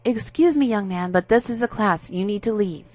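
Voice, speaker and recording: A woman's voice: medium pitch, moderate pace, darkish tone, dry recording, close to an everyday voice. A woman voicing a stern female teacher who firmly orders a student out. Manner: firm and scolding.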